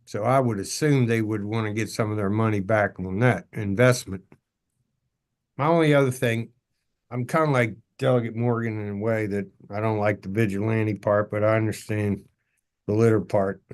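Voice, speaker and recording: A man's voice: fairly low pitch, steady tone, normal speed. A man legislator speaking in a committee discussion, easygoing and plainspoken.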